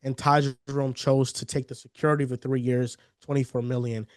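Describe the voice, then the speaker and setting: Guy co-hosting a sports pod, normal pitch, dry mic, calm explaining tone. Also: brisk, clean tone, no room sound. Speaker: podcast co-host. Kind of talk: casual sports podcast chat.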